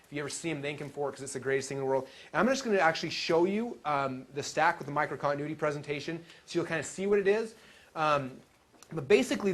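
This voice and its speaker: A man telling stories at a live seminar, animated and acting out the quotes he tells. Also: a little high. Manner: animated storytelling, acts out quotes. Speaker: seminar speaker.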